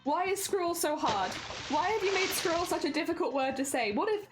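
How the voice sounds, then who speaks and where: A woman's voice: extremely high pitch, expressive, moderate pace, over music. A young woman, chatting casually on a live stream, reading and answering chat with frequent laughs.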